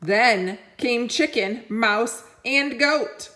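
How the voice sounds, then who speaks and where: A woman reading a children's picture book aloud, expressive and doing little voices for the animals. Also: medium pitch, slow pace. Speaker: reader.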